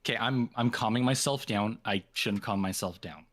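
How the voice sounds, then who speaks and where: A man's voice: fairly low pitch, moderate pace, crowd noise. A man from Canada taking a voice acting lesson, joking and hesitant, self-deprecating. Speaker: voice acting student.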